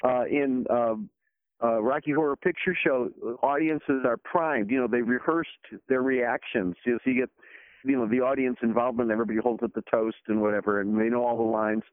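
Guest on a tinny phone line, rambling storyteller, dry. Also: male voice, mid-range voice, fairly even intonation, fairly quick, no echo. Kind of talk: casual chat over a phone call.

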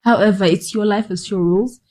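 A woman's voice: medium pitch, fairly quick, a little mellow, rough recording. A woman hosting a podcast, giving a direct, conversational motivational monologue with scolding asides. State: cold, shivering. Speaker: podcast host.

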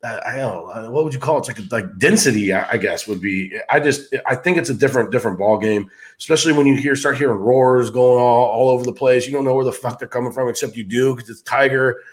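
A man's voice: mid-range voice, quick pace, few pauses. A man co-hosting a golf betting podcast in casual chat, rambling, joking and swearing freely. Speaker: podcast co-host.

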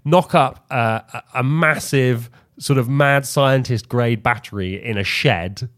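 A man's voice: mid-range voice, a little slow, a bit bright. A man from England co-hosting a podcast, talking in a wry, chatty way with frequent restarts and fillers. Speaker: podcast co-host. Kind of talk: casual chat.

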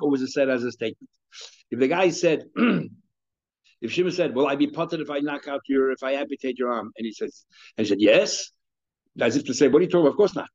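A man gives a relaxed daily Talmud lesson, thinking out loud, often restarting his sentences and weaving in Hebrew and Aramaic terms. His voice is mellow and dark. The recording sounds dull and muffled. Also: a little high. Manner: conversational, thinking aloud with frequent restarts; mixes Hebrew and Aramaic terms into English explanation. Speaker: Talmud teacher. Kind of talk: daily Talmud class lecture.

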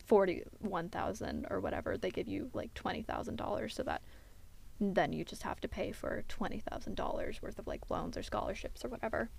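A woman's voice: medium pitch, very animated, fairly quick, vocal fry, darkish tone, a little hiss or hum. A young woman in her late teens, from the United States, co-hosting a casual podcast chat. She talks in a chatty way and explains things at length. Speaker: podcast co-host.

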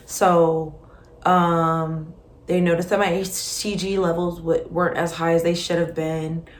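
A young woman hosting a podcast, telling a personal story in a candid, expressive, conversational way with frequent fillers. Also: fairly low pitch, measured pace. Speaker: podcast host. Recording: roomy echo with faint background hum. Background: faint ambient noise, passing truck.

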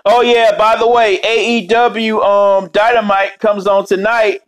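A man's voice: high-pitched, level tone, a little slow. A man ranting casually as a vlogger, swearing heavily and rambling off on tangents. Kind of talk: casual rant.

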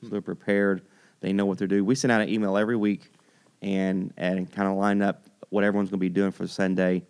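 A man's voice: low voice, flat delivery, fairly quick, darkish tone, clean tone. Upbeat man hosting a kids' show. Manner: upbeat, repeats himself, stretches words for emphasis. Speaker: kids' church host.

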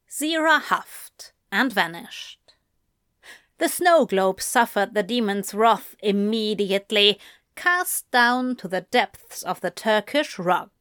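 Slow-reading woman, dry close sound. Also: mid-range voice, fairly bright tone, dry recording. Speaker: reader. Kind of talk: fan fiction reading.

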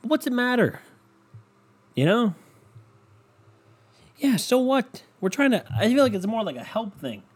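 Husky ranting man, profane and sarcastic. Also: very high-pitched, big pitch swings, a little slow, long pauses. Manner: ranting, profane, sarcastic, swings loud and soft. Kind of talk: casual rant monologue. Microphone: desk microphone.

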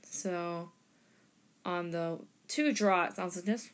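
Young female harmonica tutor, slow-paced, methodical, talks through each step. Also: on the low side. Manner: unhurried, explains step by step with demonstrations. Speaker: harmonica teacher and podcast host. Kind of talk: casual instructional talk.

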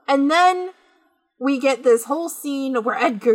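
A woman co-hosting a podcast rants about a movie in casual chat, swearing freely in an animated, profane way. Her voice sits high and moves at a normal speed.

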